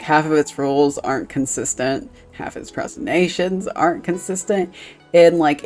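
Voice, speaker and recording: A woman's voice: deep voice, a little mellow. A woman streaming a game, chatting casually, rambling with lots of fillers and swearing freely.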